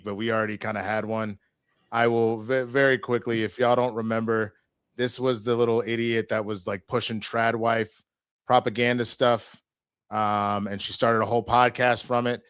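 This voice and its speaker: A man's voice: on the low side, fairly even intonation, moderate pace, fairly bright tone, smooth, dry recording, clean studio sound. A man co-hosting a podcast, chatting casually with many fillers and restarts. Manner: loose, hesitant, full of fillers. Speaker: podcast co-host. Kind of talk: casual chat.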